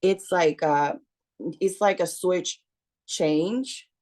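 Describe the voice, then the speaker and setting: A middle-aged woman talking slowly and haltingly with many fillers as she shares about her daughter on a video call. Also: fairly low pitch, a little mellow. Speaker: parent sharing in a support group. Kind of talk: casual storytelling on a video call.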